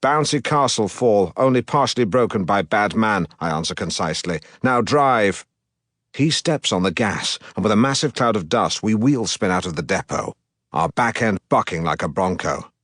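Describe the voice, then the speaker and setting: A man reading an audiobook as a pompous, self-regarding middle-aged broadcaster, in a deadpan, self-important manner. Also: low voice, a little slow, no room sound, clean studio sound, exaggerated voice. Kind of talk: audiobook narration.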